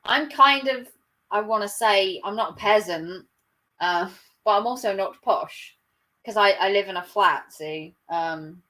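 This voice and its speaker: A woman's voice: mid-range voice, a little slow, pushed and bright, poor audio. A woman hosting a livestream, chatting casually and rambling with many fillers. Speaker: livestream host. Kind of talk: casual reaction chat.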